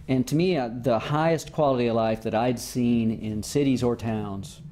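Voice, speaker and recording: Give me a mellow, warm-voiced man telling casual, rambling stories in an interview. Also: medium pitch, normal speed. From Southern United States. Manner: rambling, loose, lots of "you know" and "like". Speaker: interview guest, former musician. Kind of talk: casual storytelling.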